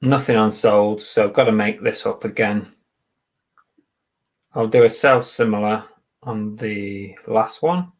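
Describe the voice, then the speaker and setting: Slow-talking English man on a live stream. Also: on the low side, rough recording. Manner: chatty, blunt, swears casually, reads out viewer comments. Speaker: eBay reseller livestreaming. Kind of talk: casual live-stream chat while listing items.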